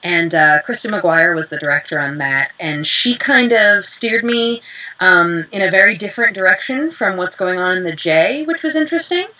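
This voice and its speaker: Bright-voiced animated woman. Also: lowish voice, normal speed, highs cut off. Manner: animated storyteller, acts out quotes. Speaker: voice actress guest. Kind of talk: casual interview chat.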